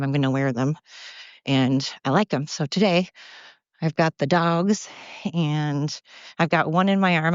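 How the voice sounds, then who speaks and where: A woman's voice: deep voice, dry recording, muffled recording. A breathless woman rambling bluntly into her phone as she walks outdoors with her dogs, swearing freely and drifting between topics. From Oregon, USA. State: out of breath from walking. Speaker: podcast host. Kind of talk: rambling walk-and-talk monologue. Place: outdoors by a river, walking dogs. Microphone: phone held while walking.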